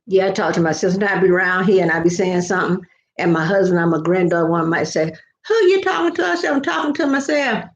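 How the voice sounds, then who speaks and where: Speaking fast in a lowish voice, an older woman from the American South chats on a casual home live stream as a vlogger. She's playful and rambling, repeating words, with echoey, dull lo-fi audio.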